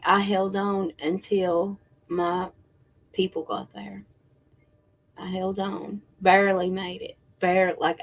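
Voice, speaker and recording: A middle-aged woman with a drawl talks slowly into her phone, full of fillers and false starts. Her voice carries a gravelly creak throughout. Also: medium pitch, little pitch movement. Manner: rambling, many fillers and restarts, addresses viewers as y'all. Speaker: spiritual livestream host. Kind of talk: casual chat to viewers.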